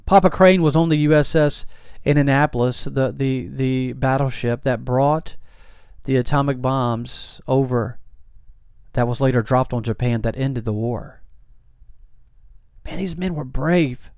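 A man's voice: mid-range voice, steady tone, measured pace, a little mellow, clean tone, no room sound, studio quality. A man giving an impassioned patriotic speech, earnest and emphatic, often restarting his sentences. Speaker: speaker.

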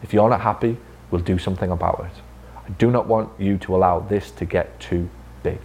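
Speaking fairly quickly in a low, slightly mellow voice with fairly even intonation, a man runs a casual training session for staff in a physiotherapy clinic room. He swears without restraint, speaks bluntly and plays out conversations.

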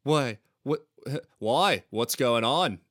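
A man voicing an annoyed young male doctor, read a little louder and more exasperated than his narration. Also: medium pitch, expressive, very slow, no room sound, clean studio sound, pitched above the performer's own voice. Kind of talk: comic dramatic reading.

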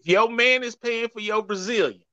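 A man's voice: very high voice, moderate pace, muffled recording, crowd noise. A man co-hosting a casual panel chat, talking emphatically and repeatedly addressing the men listening. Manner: emphatic, repeats "I'ma tell you right now", addresses the fellas. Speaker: podcast co-host.

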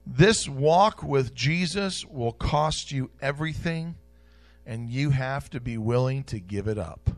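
A man preaching a sermon in a church, repeating key phrases and swinging between loud declarations and soft asides. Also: medium pitch, animated, takes it slowly, faint music behind.

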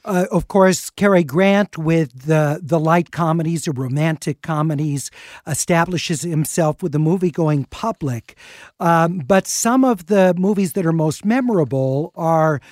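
A man hosting a radio film program, introducing clips and interviewing a guest in a measured, conversational way. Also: a little high, a little mellow, dry recording, clean studio sound. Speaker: radio talk show host.

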